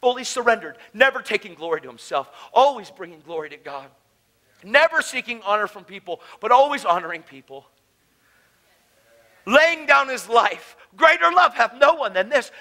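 A man preaching at a conference with passion and emotion, his voice swinging between loud declarations and hushed, tender moments. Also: extremely high pitch, gravelly, low-quality recording. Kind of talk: conference sermon. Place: conference hall.

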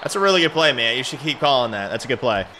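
An excitable man trash-talks his way through a football video game, his voice swinging wildly up and down. His tone is bright and sharp. A faint hiss sits under the recording. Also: mid-range voice, rapid-fire. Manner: excitable, trash-talking, yells at players. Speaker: gaming YouTuber. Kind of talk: live gameplay commentary.

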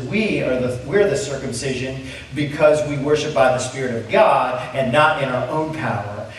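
A man's voice: mid-range voice, very echoey, recorded from a distance, slight background noise, low-quality recording. A man pastor preaching a sermon verse by verse, asking the congregation rhetorical questions and repeating key points.

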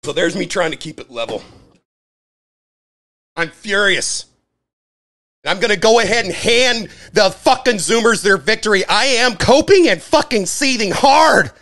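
A man delivering a profane, heated livestream rant, often shouting. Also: high voice, expressive, measured pace, pauses often.

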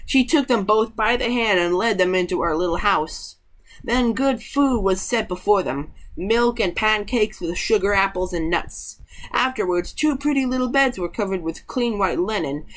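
A woman's voice: mid-range voice, expressive, moderate pace. A woman reading a fairy tale aloud in an unpolished way, stumbling and correcting herself now and then. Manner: unpolished, with slips and self-corrections. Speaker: reader.

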